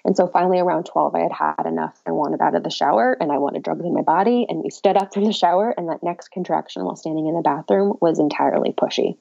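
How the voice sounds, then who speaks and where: A woman's voice: deep voice, animated, fast talker, creaky, few pauses, mellow. A woman casually telling a birth story as a podcast guest, candid and chatty with a wry, self-mocking humor. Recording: dull lo-fi audio.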